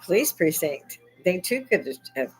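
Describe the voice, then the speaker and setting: A woman's voice: on the low side, very animated, a little slow, faint music behind, poor audio. A middle-aged woman hosting her own show, telling a story in a blunt, profane way and often breaking into laughter. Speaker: podcast host. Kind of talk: casual storytelling monologue.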